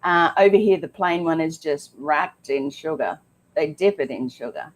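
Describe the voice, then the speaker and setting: A woman's voice: deep voice, expressive, moderate pace. Chatty woman on health. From Australia. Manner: chatty, emphatic, frequent ums. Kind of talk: casual health talk.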